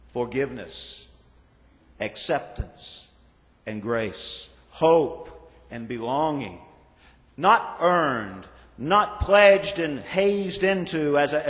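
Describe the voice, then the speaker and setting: A male pastor delivers a sermon in a measured, deliberate cadence, drawing out lists of words and letting his lines fall away. His voice sits a touch high for a man. Long reverb from the sanctuary trails each phrase. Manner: measured preaching with slow emphatic lists and falling endings. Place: church sanctuary.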